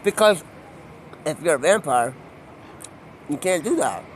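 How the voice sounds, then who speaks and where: A man's voice: a little high, lively intonation, measured pace, a little hiss or hum. A man live-streaming outdoors on his phone, talking in a rambling, free-associating monologue that jumps from topic to topic. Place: outdoors on a city street.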